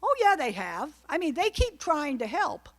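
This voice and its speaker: A woman's voice: high voice, big pitch swings, moderate pace. A woman giving an informal political talk to a live audience, chatty and wry, full of asides. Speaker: guest speaker at a political club.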